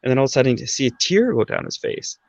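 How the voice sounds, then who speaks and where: In rapid-fire speech with big pitch swings, a Canadian man in his thirties tells a personal story on a podcast, casually tagging on "right?" and dropping "like" as filler. His medium-pitched voice is creaky and a little mellow, and the recording is dry and dull.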